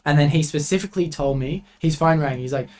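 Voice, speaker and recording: A young man, a podcast guest telling work stories in a casual, animated way full of swearing. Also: a little high, quick pace. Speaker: podcast guest, refrigeration tradesman.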